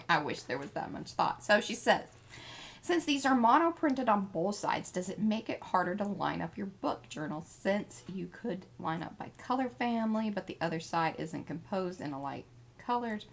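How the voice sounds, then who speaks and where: A woman's voice: mid-range voice, lively intonation, normal speed, gravelly. A woman co-hosting a craft livestream, chatting casually, greeting viewers and reading out their comments. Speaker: livestream co-host reading the chat.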